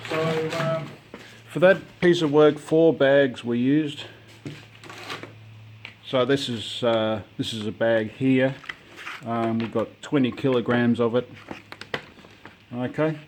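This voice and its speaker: A man's voice: medium pitch, fairly even intonation, takes it slowly, pauses often, darkish tone, slight background noise. A man talking casually through a home repair job, rambling with lots of ums and restarts. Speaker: home DIYer. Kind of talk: casual DIY walkthrough.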